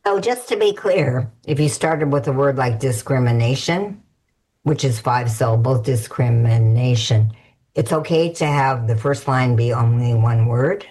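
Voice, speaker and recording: A woman interviewing a group, asking measured questions. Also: very deep voice, warm tone.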